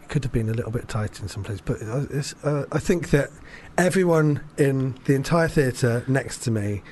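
A man hosting a casual chat, rambling and animated, swearing freely as he talks. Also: mid-range voice, moderate pace, slight background noise. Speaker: podcast host.

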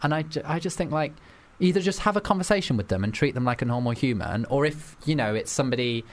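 A man hosting a casual chat, playful and quick to laugh as he quizzes his guest. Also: medium pitch, expressive. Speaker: host.

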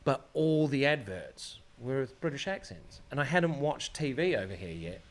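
A man's voice: medium pitch, very animated, normal speed. A middle-aged man with a New Zealand accent, chatting casually as a host and telling anecdotes with easy fillers. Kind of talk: casual chat.

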